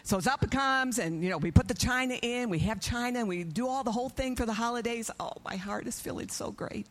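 A middle-aged woman giving an animated testimony in a church service, acting out her own prayers and conversations. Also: fairly high pitch, fairly quick.

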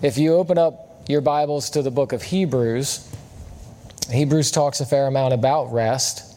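A man's voice: medium pitch, normal speed, warm tone, slight background noise. A man preaching a sermon in a friendly, conversational way, often asking the congregation questions. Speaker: guest preacher. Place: church service.

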